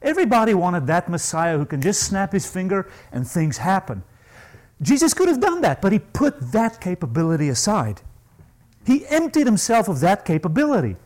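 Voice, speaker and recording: A man preaching a sermon, emphatic, asking his listeners questions and swinging from low asides to high, ringing stresses. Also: very animated, normal speed, darkish tone, low-quality recording. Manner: asks the congregation questions.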